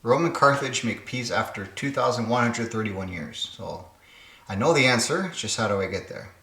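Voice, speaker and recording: A man's voice: medium pitch, animated, moderate pace, bright, forceful tone, echoey room. A man hosting his own puzzle channel, thinking aloud and muttering to himself as he solves word games. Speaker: puzzle game channel host. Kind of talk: casual solo puzzle-solving commentary.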